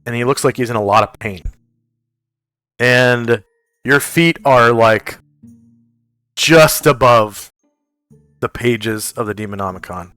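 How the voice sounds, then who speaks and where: A man running a tabletop game as game master, narrating the scene and explaining rules in a casual, halting way full of fillers. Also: mid-range voice, pushed and bright, clean tone, dry recording, soft background music.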